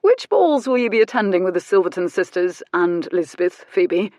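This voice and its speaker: A woman voicing a teasing, languid young gentleman who drawls and mocks, in an audiobook character voice. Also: high-pitched, very animated, normal speed, dry recording, clean studio sound. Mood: mock grave. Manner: drawling and mocking.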